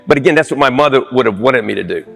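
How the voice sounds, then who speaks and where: At a Veterans Day event, a middle-aged man gives an earnest, plain-spoken personal speech, pressing his points with repeated phrases. His medium-pitched voice is expressive, rapid-fire, gravelly, and fairly bright, heard with long hall reverb and faint music.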